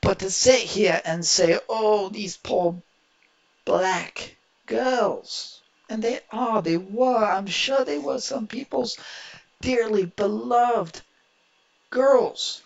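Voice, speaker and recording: A man's voice: high-pitched, slow pace, gravelly, lo-fi sound. A man from Indiana hosting his own political reaction video, talking in an emphatic, rambling and opinionated way. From Indiana, USA. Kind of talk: reaction commentary.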